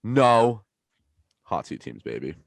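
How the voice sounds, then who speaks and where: A man's voice: low-pitched, quick pace, no echo, studio quality. A young man hosting a podcast, telling stories in casual chat and swearing freely. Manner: animated storytelling, swears freely. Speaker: podcast host.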